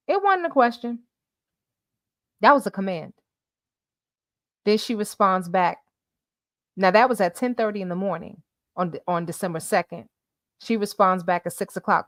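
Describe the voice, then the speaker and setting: Woman, commentary host, animated, emphatic repetition, mid pitch, dry close sound. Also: moderate pace, long pauses, no echo. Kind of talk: livestream commentary.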